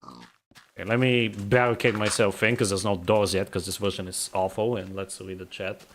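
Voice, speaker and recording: A man's voice: on the low side, fairly even intonation, normal speed, a bit bright, slight background noise. A man from the Balkans, streaming a game and chatting casually, grumbling and rambling as he laughs at himself.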